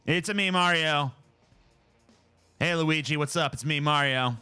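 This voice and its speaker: A man's voice: a little high, measured pace, bright, forceful tone, clean tone, faint music behind. A man putting on the voice of a cheerful male video game plumber, bouncy and sing-song with an exaggerated cartoon accent. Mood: chirpy.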